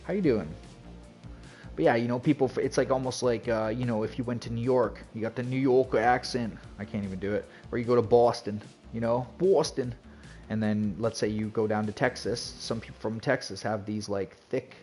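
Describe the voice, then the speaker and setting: A man's voice: medium pitch, steady tone, brisk, a little mellow, soft background music. A man chatting casually on a game livestream, rambling and greeting viewers. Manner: rambling, chatty, full of "like" and "you know". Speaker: streamer. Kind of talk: casual livestream chat while gaming.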